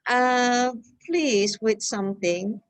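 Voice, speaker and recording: A woman's voice: fairly high pitch, drawn-out words. A woman teaching English in an online class, explaining phrases patiently with repeated examples and a playful, teasing tone at times. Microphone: video call.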